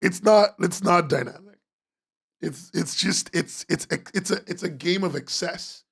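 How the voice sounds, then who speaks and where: Guy ranting about comics, high swoopy voice, gravelly and husky, sarcastic and swearing a lot. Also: unhurried, fairly bright tone. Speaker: webcomics podcast host reviewing comics. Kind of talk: exasperated comic critique.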